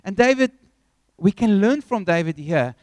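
High-voiced animated male preacher. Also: normal speed, dry recording. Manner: animated storytelling, acting out scenes. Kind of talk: sermon.

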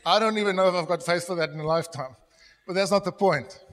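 A middle-aged man preaching a sermon as pastor, telling stories and dropping to a soft, confessional tone when he quotes himself. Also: high-pitched, fast. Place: church hall. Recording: long church hall reverb.

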